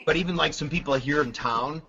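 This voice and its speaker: A man guest on a drum talk stream, telling stories with lots of laughter and halting restarts. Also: on the high side, gravelly, highs cut off. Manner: animated storyteller, laughs often, halting restarts. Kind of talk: casual chat.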